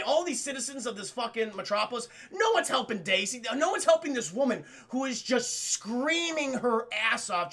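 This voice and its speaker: Young man, very high voice, bright gravelly edge, profane animated film recap to stream chat. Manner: profane, animated, acts out characters' lines. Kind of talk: excited casual recap to live chat.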